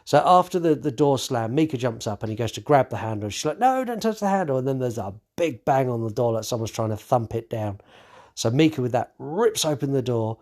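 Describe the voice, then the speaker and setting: Casual swearing podcast host. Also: male voice, medium pitch, fairly quick, a little mellow. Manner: swears freely, acts out characters' lines; many fillers and restarts. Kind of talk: casual movie review.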